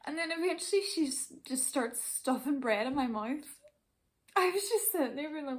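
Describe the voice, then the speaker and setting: Young Irish woman, chatty vlogger, rapid casual storytelling with frequent laughs and swearing. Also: high-pitched.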